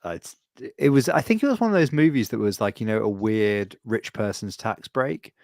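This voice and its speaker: A man chatting casually on a podcast, rambling through animated stories with lots of restarts. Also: lowish voice, normal speed, no echo. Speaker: podcast co-host.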